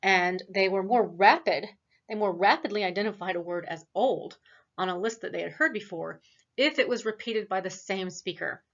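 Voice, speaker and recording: A woman with a tired voice lectures at a steady, explanatory pace, often circling back with fillers and restarts. Her voice sits at an ordinary middle pitch. It comes through a dull, lo-fi laptop microphone. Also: normal speed. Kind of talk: recorded online lecture. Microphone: laptop mic.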